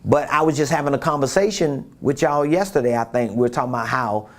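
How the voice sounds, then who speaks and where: A man's voice: mid-range voice, fast. A man giving a casual business coaching talk, repeating his points and asking rhetorical questions.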